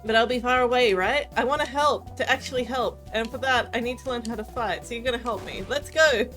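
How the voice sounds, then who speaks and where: Lady putting on a high, keen little kid voice, earnest and excitable, faint music behind. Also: a little fast, close to an everyday voice. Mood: eager. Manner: earnest, excitable, talks in short bursts. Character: eager young child fighter in training.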